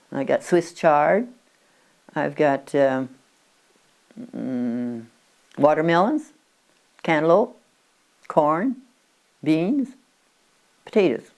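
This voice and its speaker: Elderly woman in her nineties with a low voice, a rambling interviewee recalling the past. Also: a little mellow. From Oregon, USA. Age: 90s. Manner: chatty, with frequent restarts and stumbles. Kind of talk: rambling reminiscing. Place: at her country home.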